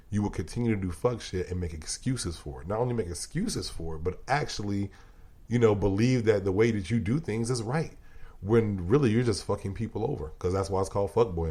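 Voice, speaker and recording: A man's voice: fairly low pitch, mellow. A man talking as a podcast guest in loose, emphatic casual chat, swearing freely and laughing often.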